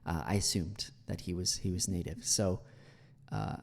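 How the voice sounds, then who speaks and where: A man's voice: sits low, steady tone, moderate pace, vocal fry, in a large hall. An American man teaching English, critiquing a speech clip in a chatty way with many fillers. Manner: chatty, many fillers, repeats words for analysis.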